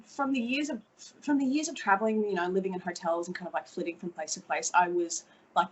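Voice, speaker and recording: A woman's voice: fairly low pitch, quick pace, slight background noise, rough recording. A woman in her thirties with an Australian accent, chatting energetically as a podcast guest and swearing casually. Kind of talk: casual interview chat.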